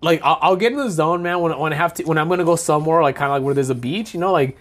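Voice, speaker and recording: A man's voice: fairly high pitch, very fast, a bit bright. A young man in casual chat, dropping dude and bro into nearly every sentence. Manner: slangy, says dude and bro a lot.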